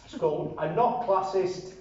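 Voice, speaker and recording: Sardonic older northern guy, fairly high mellow voice, muffled roomy recording w/ faint hum behind. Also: moderate pace. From northern England. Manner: dry, sardonic, pedantic. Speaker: poet and commentator. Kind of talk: wry spoken commentary and poetry reading. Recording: roomy, distant, muffled mic with faint ambience.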